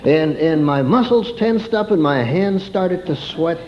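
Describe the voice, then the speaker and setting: Slow folksy man preaching a story. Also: on the high side, expressive, muffled recording, slight background noise. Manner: homespun storytelling with rhetorical questions to listeners. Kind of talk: sermon told as a folksy childhood story.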